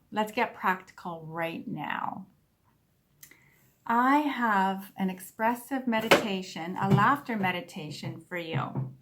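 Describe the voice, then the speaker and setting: A woman speaking at a spiritual service, earnest and unhurried, leading the congregation in a laughter meditation. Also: medium pitch. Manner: slow and earnest, bursting into loud whoops and laughter. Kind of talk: sermon with guided laughter meditation. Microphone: online service recording.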